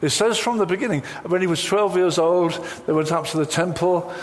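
A man preaching a sermon in an animated, humorous way, acting out the lines he quotes. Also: high voice, a little fast, big-room sound.

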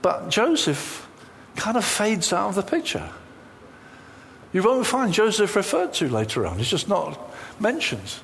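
Lively preacher in a reverberant hall. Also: male voice, high voice, unhurried, vocal fry, slight background noise. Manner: animated, humorous, acts out quoted lines. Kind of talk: sermon.

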